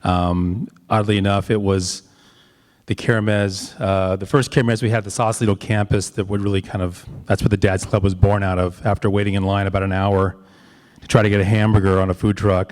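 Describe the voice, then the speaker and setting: Man at a school forum, lowish voice, relaxed and joking, reverberant hall. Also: brisk. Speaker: board committee chair. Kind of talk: presenting at a school member forum.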